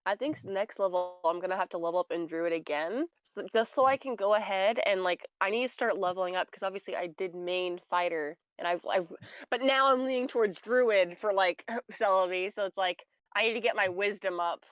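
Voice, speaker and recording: A woman's voice: medium pitch, a little fast, clean tone, no echo. Brief: rambling woman player, chatty, dull dry recording. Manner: rambling, full of "like" fillers. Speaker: tabletop game player. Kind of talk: casual chat over voice call.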